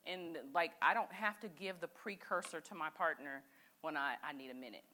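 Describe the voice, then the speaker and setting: A woman leading a church group session, speaking in an animated, encouraging and direct way. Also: deep voice, moderate pace. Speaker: session leader. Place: church meeting room.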